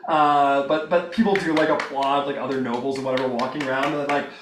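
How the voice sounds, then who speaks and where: A man's voice: mid-range voice, steady tone, fast talker, echoey room, distant mic, background noise. A man narrating a tabletop game as game master, in a loose, filler-heavy way.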